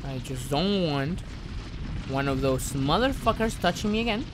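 A man streaming a game live, commenting excitably, muttering and repeating himself, then bursting into loud yelps and swearing. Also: on the high side, normal speed, noisy background. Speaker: gaming streamer.

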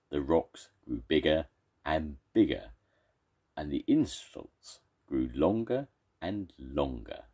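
An older man, a grandfather, reading a children's story aloud in a gentle, expressive storytelling manner. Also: extremely low pitch, breathy edge.

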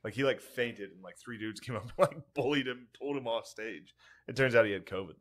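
A man's voice: medium pitch, fairly quick. A man co-hosting a casual podcast chat, telling stories loosely and swearing freely. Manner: loose, profane storytelling with frequent "dude". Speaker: podcast co-host.

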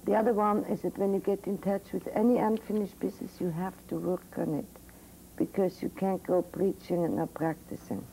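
A creaky, mellow medium-pitched voice with fairly even intonation carries an older Swiss woman psychiatrist's frank, vivid lecture to medical students at a moderate pace as she relates something personal. The 1982 recording is rough, with faint hiss.

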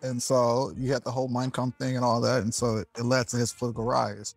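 A man's voice: medium pitch, flat delivery, fast, gravelly, no echo, faint music behind. A man on a casual podcast, rambling through explanations with lots of swearing. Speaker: podcast co-host, quiz contestant. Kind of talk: casual chat.

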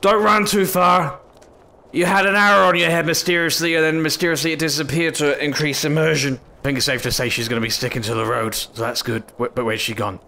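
Man, gaming commentary, exasperated, scolding, slightly high voice, gravelly. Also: little pitch movement, brisk, sharp tone. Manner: exasperated, scolding an in-game companion. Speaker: gaming YouTuber. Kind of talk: comedic let's-play commentary.

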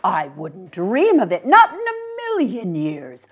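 A courtly, genteel old gentleman, gracious and smooth with a swooping, lively pitch, as a woman reader puts him on. He sounds polite and unhurried. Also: full character voice.

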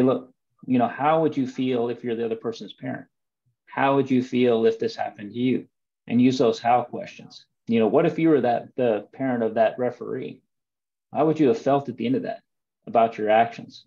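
A man's voice: mid-range voice, darkish tone, slightly rough. A man hosting a coaching webinar, folksy and fond of stories and questions. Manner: folksy, storytelling, asks questions. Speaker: webinar host for soccer coaches. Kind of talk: casual coaching talk. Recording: muffled lo-fi audio.

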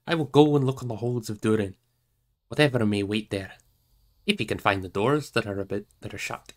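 A man's voice: lowish voice, fairly quick, close to an everyday voice. A man reading as an eager, loyal dwarf. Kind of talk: audiobook reading.

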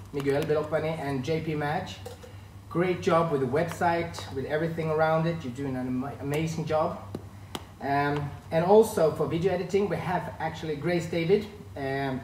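A man in his thirties from northern Sweden, speaking with a Swedish accent, chats casually on a live stream from a room at home and greets viewers by name; he's a line dance instructor. His voice is fairly high-pitched. The audio is poor, roomy and far from the mic, with a little hiss or hum.

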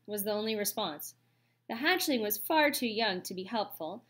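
Expressive woman reading a storybook aloud. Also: fairly high pitch, a little slow. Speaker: audiobook reader.

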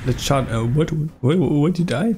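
A man giving excitable gameplay commentary, swearing and laughing as he plays. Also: fairly high pitch, moderate pace, faint music behind. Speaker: gaming YouTuber.

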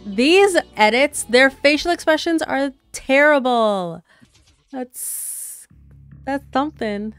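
A woman hosts a casual K-pop reaction video, with unhurried, gushing talk and many excited exclamations. Her voice sits a little high, and faint music plays beneath her. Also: clear, resonant tone, dry recording. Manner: gushing, exclaiming, laughing often. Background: show audio playing underneath.

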